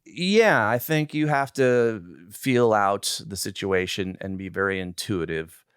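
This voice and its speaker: Man in his 60s, lowish voice, dry close mic, animated guest storyteller. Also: unhurried, clear, resonant tone, dry recording. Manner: animated storyteller who acts out quoted lines. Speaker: film director, guest. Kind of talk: interview storytelling.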